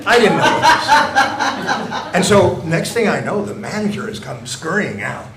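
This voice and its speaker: Older man telling deadpan stand-up jokes. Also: sits high, normal speed, a loud crowd. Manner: deadpan, mock-innocent storytelling. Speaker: stand-up comedian. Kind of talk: stand-up comedy. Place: comedy club stage. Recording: echoey club with audience noise.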